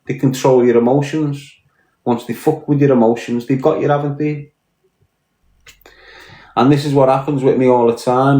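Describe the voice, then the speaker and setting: With a darkish, medium-pitched voice, this Scouse-accented streamer from Liverpool swears and rants bluntly on a laid-back stream. He's mentally drained from hours on air, and the room echoes noticeably.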